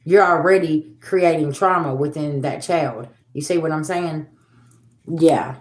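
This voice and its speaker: Low-voiced lady ranting to her viewers, swears a lot, preachy, sounds echoey. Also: unhurried, darkish tone. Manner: blunt, profane and preachy, addresses viewers as y'all. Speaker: livestream host. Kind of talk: casual livestream talk.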